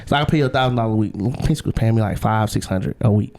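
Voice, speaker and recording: A young man telling a long personal story as a guest in a casual interview, slangy and animated, often acting out what others said. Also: on the low side, fast talker, gravelly.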